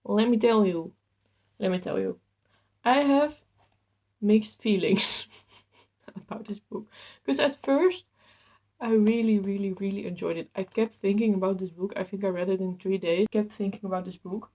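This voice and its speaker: A woman's voice: moderate pace, dull audio. A woman chatting casually about books she has read, enthusiastic and a bit rambling, slightly out of breath. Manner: enthusiastic and rambling, with lively jumps in pitch. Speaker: book vlogger. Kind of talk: casual chat.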